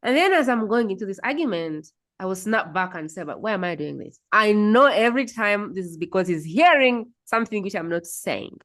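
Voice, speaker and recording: A woman's voice: mid-range voice, expressive, a little fast, few pauses, fairly bright tone. A woman with a Ugandan accent hosting a podcast, musing aloud and often humming in agreement. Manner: thoughtful, musing aloud, frequent hums of agreement. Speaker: podcast host. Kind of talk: reflective interview conversation.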